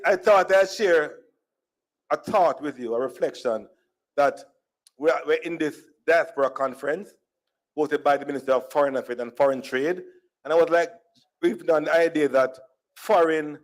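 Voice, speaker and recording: A Jamaican man with a somewhat high voice tells stories for laughs, moving easily between standard English and Jamaican Creole turns of phrase. He speaks as a conference speaker with a Jamaican accent. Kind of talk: humorous storytelling speech. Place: conference hall.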